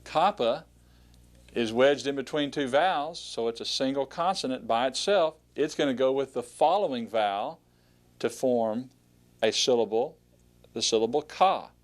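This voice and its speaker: Patient man teaching a language lesson. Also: medium pitch. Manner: patient, with frequent "uh" and "all right", pauses to let listeners repeat. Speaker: Greek instructor. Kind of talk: recorded classroom lesson.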